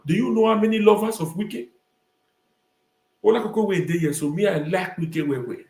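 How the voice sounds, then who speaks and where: A Nigerian-accented male host delivers a ranting live-stream commentary, hammering his points by repeating the same words. His voice sits a little higher than most men's. The room around him rings with a noticeable echo. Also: brisk, darkish tone. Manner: emphatic, repeats phrases. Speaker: talk show host.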